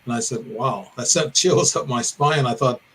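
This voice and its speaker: A man's voice: medium pitch, normal speed, a bit bright, a little hiss or hum, poor audio. Older man telling a winding story. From Midwestern US (Illinois). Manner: detailed, meandering storytelling with self-corrections. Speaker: podcast guest. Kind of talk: recounting a personal encounter story.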